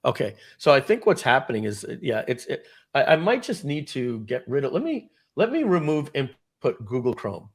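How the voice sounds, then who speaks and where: A man with a New York accent leads a live webinar over a video call, walking through software as he goes. His voice has a gravelly, creaky edge, and he talks in a chatty, think-aloud way. He gets excited as he shows off each tool. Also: mid-range voice, normal speed. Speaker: webinar host.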